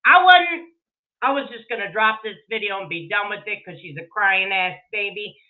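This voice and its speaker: A woman's voice: medium pitch, moderate pace. A woman ranting angrily to her viewers, cursing heavily and speaking sarcastically, with a tinny, phone-like sound. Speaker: online drama commentator. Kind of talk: angry profane rant to viewers.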